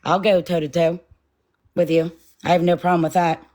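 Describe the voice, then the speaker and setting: A woman's voice: on the low side, flat delivery, moderate pace, a little mellow. Shaky, blunt woman livestream host. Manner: blunt, confrontational, swears freely. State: shaky, nervous. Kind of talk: heated livestream confrontation.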